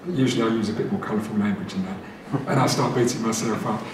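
A male presenter gives a chatty, lively talk to a meeting room, speaking fast in a lowish voice. The room is very echoey, and he's picked up from a distance with clear background noise beneath him.

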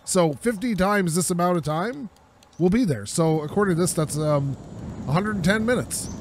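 A man's voice: sits high, expressive, moderate pace. A young man with a sore throat, chatting and laughing as he plays a driving game. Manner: chatty, rambling, laughs often. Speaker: gaming channel host. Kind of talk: let's play commentary. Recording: game engine noise underneath. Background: car engine and game ambience.

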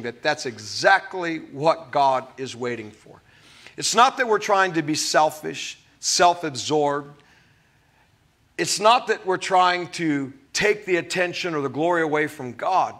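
A man's voice: a little high, pushed and bright. A man preaching a sermon as a pastor, emphatic and stretching key words.

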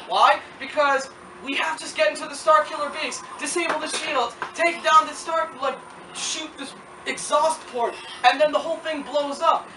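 A movie reviewer talking casually and excitably, rambling with lots of "like" and acting out quotes. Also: medium pitch, distant mic. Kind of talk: casual film review chat. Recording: echoey room from off-mic with noise.

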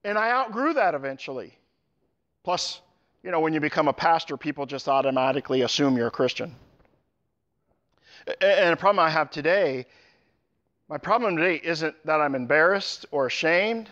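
A middle-aged man, a pastor telling a personal story in a sermon, with sudden lively jumps in his voice. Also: normal speed, pauses often, dull audio. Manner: storytelling with animated pitch jumps.

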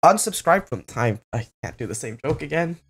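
A young man giving casual, jokey gameplay commentary, yelping excitedly when something surprises him. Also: fairly high pitch, normal speed, breathy edge. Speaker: gaming channel host.

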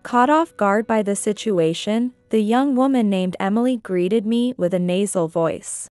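A woman reading a scripted first-person story in a measured, even way. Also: mid-range voice, clear, resonant tone, dry recording, faint music behind. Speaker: narrator.

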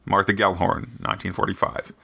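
A man hosting a podcast and reading aloud in a halting way, often stopping to restart his words. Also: sits low, flat delivery, creaky, sharp tone, no room sound. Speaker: podcast host and reader.

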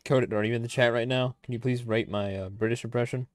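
A young man hosting a gaming livestream, chatting in a relaxed, unhurried way over a headset. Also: medium pitch, no echo, clean studio sound. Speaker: streamer host. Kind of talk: casual gaming chat.

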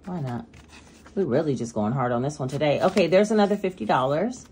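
A budgeting vlogger chats with viewers in a casual cash-stuffing video, counting bills aloud as she talks. Her gently tinged voice sits a bit low yet swings up and down a lot, very animated and a little fast, with faint room noise behind her.

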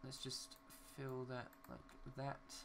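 A man's voice: medium pitch, completely flat delivery, takes it slowly, creaky, fairly bright tone, a little hiss or hum. A young man giving casual, rambling commentary while building in a city game, talking to himself and swearing mildly at glitches. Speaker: gaming YouTuber.

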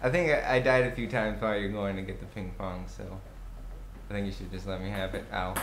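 A young man giving excitable gameplay commentary, swearing and yelling at the game. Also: lowish voice, fairly quick. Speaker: gaming commentator. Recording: echoey room with faint noise.

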